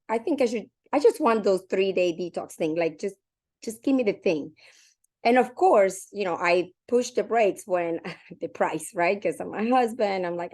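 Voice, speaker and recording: A woman in her forties telling her own story casually, animated and chatty, acting out what she and others said. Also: medium pitch. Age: 40s. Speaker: community member sharing her story. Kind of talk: casual testimonial.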